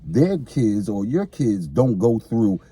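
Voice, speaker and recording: A man's voice: on the low side, big pitch swings, takes it slowly, mellow, husky. A man co-hosting a casual podcast conversation, speaking earnestly and repeating phrases as he explains. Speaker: podcast co-host.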